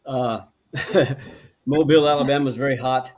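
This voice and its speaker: A man from Oklahoma hosting a casual interview, chatty and quick to laugh, with lots of short acknowledgements. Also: medium pitch, fairly even intonation, darkish tone. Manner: friendly, laughs easily, many short acknowledgements. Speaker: interviewer host.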